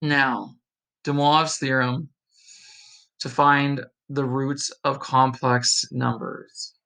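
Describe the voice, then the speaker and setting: A man's voice: medium pitch, bright, forceful tone, low-quality recording. A man thinks aloud, reading course notes and practising a pronunciation in a casual study session. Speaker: online study blogger.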